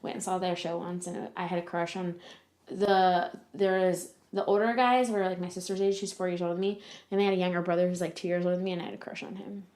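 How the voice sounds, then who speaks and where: A woman's voice: on the low side, flat delivery, fast talker, darkish tone. A young woman from Virginia, co-hosting a podcast in casual chat, rambling through stories and teasing back. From Virginia, USA. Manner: chatty, rambling storyteller who teases back. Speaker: podcast co-host. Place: room at home. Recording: roomy echo.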